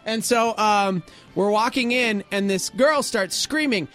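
A man co-hosting a morning radio show, telling stories in animated, casual banter. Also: high-pitched, unhurried, soft background music. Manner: animated storytelling with acted quotes.

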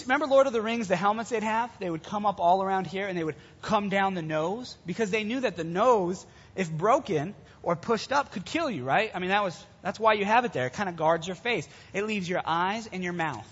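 A man preaching to young people, retelling a Bible story in a casual, animated way. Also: high voice, breathy edge. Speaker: youth preacher. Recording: dull sound with long hall reverb.

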